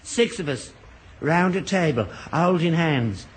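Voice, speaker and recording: A man's voice: fairly high pitch, lively intonation, takes it slowly. An older man in a British radio sitcom, playing an earnest, gullible father who grows indignant when mocked.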